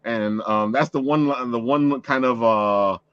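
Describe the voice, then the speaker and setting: A man hosting a relaxed conversation, circling around his points with restarts and little laughs. His voice sits at an ordinary middle pitch. The sound is somewhat dull and lo-fi. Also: measured pace, smooth, dry recording. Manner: rambling, with frequent restarts and laughter. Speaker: podcast host. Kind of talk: casual chat.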